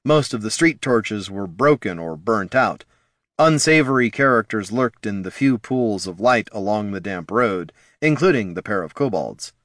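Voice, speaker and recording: A man with a low voice narrates a fantasy audiobook in a steady, measured delivery. The recording is close and dry, with no room sound. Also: dry recording.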